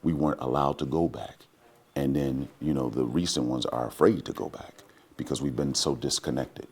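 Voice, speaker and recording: Very deep, gravelly man, husky and heartfelt. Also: moderate pace, darkish tone. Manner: reflective, heartfelt, peppers speech with "you know". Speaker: actor guest. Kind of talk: relaxed interview talk.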